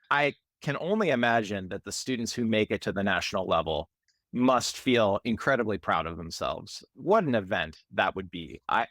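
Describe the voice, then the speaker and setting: A man hosts a podcast interview, posing thoughtful, reflective questions at length. His voice sits on the low side. The sound is dry and close. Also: fairly bright tone, no echo. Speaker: podcast host.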